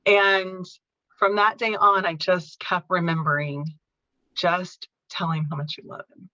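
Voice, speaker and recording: Bright-toned woman, earnest gentle storyteller. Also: lowish voice, level tone, a little slow, no room sound, muffled recording. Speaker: podcast guest, caregiving author. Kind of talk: personal storytelling in an interview.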